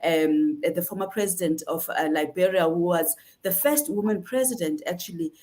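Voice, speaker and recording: A woman's voice: lowish voice, moderate pace. A woman from South Africa moderating an online panel, talking hesitantly with lots of ums and uhs. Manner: hesitant, many fillers, warm praise.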